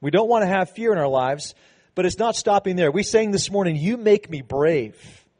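A man's voice: high-pitched, animated, moderate pace, darkish tone. A man, a pastor, giving a sermon in a conversational, preaching way, with frequent restarts and emphatic passages.

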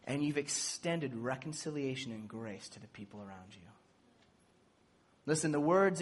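Animated preacher acting out dialogue. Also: mid-range voice, a little fast, slightly rough. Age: adult with children. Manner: animated, acts out quoted dialogue; jokes and laughs while teaching. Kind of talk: casual sermon.

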